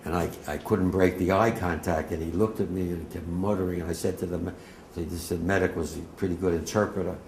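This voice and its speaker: A man in his eighties from New Jersey gives an emotional eyewitness account to an audience, halting and at times swelling almost to a shout. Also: low voice, fairly even intonation, echoey room, a little hiss or hum, low-quality recording. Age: 80s. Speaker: war veteran speaker.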